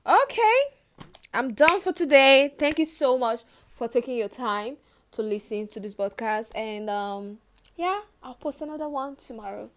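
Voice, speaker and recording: With slight background noise behind her, a young woman speaks at normal speed in a fairly high voice. She's hosting her own podcast, giving an earnest, emotional personal monologue and often repeating phrases to underline them.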